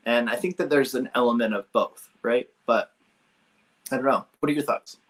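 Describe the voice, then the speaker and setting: A man's voice: medium pitch, normal speed. A man hosting a podcast, talking in a thoughtful, hedging way with many restarts. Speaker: podcast host. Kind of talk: casual chat.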